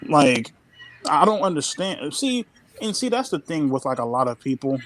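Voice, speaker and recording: A man's voice: fairly high pitch, sing-song, moderate pace, fairly bright tone. A man from the United States talking on a live stream from someone else's home, swearing heavily and using loose slang. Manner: profane and slangy, heavy swearing, calls people "dude" and "dog". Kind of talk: casual chat on a live stream.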